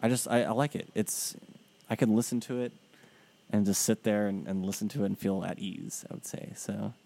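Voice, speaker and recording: Give me a low-voiced man chatting hesitantly as a podcast co-host. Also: flat delivery, normal speed, gravelly, mellow. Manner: hesitant, many fillers and restarts. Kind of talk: casual chat.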